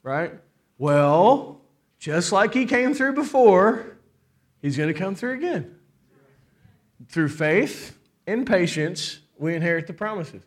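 A middle-aged man, a pastor, preaching a lively sermon and calling out to the congregation for amens. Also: high-pitched, slow pace, long pauses. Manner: preaching with call-and-response and laughter.

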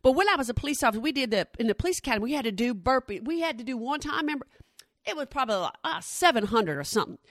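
A woman in her forties does stand-up, speaking straight to the crowd and playing out every voice in her story. Her voice sits a little high. The lapel mic gives a close, dry sound with no room echo. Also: racing. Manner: animated, addresses the audience directly, acts out quoted voices. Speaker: stand-up comedian.

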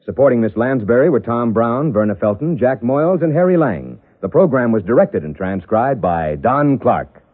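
Old-time radio announcer guy, pitch swooping all over, lo-fi phone-like sound. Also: animated, normal speed, few pauses. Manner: smooth, salesy, emphatic. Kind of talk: 1950s radio announcing and ad reading. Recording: tinny lo-fi vintage radio broadcast.

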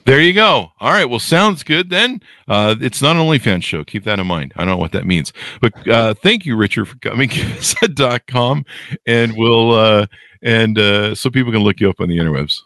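A middle-aged male podcast host who jokes and rambles, his fairly low voice swinging up and down with animated energy. The sound is close and dry, with no room around it. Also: brisk, no room sound. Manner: jokey, rambling, self-deprecating asides. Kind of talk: casual podcast interview.

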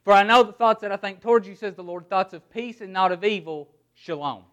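High-voiced man preaching a sermon. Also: fairly quick, fairly bright tone. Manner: emphatic preaching, word-by-word emphasis, rhetorical questions. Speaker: pastor.

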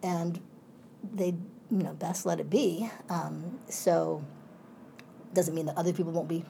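A woman's voice: fairly low pitch, fairly even intonation, unhurried, vocal fry, mellow, a little hiss or hum. A middle-aged woman professor in a conversational interview, speaking reflectively in winding asides.

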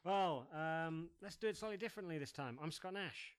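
A man's voice: on the high side, brisk, clear, resonant tone. A man co-hosting a podcast in casual chat, jokey and teasing, laughing often. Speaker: podcast co-host.

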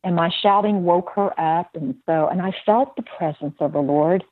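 A woman with a husky voice on the low side gives a spoken testimony as a guest at normal speed, telling her story vividly and acting out the voices of the people in it. The recording is dry and tinny, like a phone line, with no echo.

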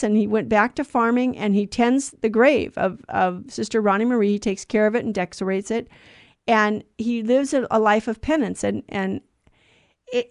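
A woman's voice: on the high side, no echo, studio quality. A woman co-hosting a Catholic radio show, telling a story earnestly and with animation, often restarting her sentences.

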